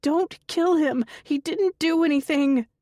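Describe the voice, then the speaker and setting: A woman's voice: sits high, a little slow, darkish tone, no room sound, clean studio sound, voice pushed up. A woman narrator voicing an older mother who shrieks frantically during a night terror in an audiobook. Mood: frantic screaming.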